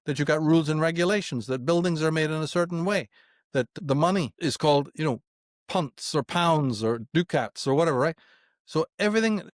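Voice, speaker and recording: Man, middle-aged, higher pitch, forceful swearing lecturer type, dry close sound. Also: no room sound. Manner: emphatic, profane, rhetorical questions. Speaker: interviewee. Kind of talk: philosophical conversation.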